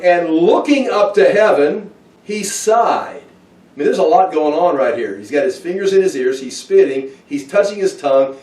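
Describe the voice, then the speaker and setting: A man's voice: a little high, a little mellow. A man teaching a Bible study who thinks aloud with restarts and asides. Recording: roomy, from far off the mic.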